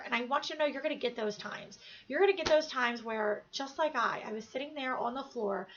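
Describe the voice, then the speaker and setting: A woman's voice: high-pitched, bright, forceful tone, highs cut off. A woman in her thirties giving an earnest, emphatic motivational talk, repeating phrases to drive home her point. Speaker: motivational speaker.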